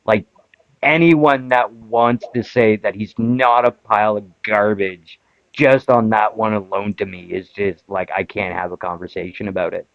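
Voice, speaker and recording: A man with a lowish voice gives his view on a political panel, pausing often with ums. His sound is dry and dull, like a lo-fi call microphone. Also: fairly even intonation, creaky, no room sound. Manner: hesitant, many ums and restarts. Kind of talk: casual political discussion.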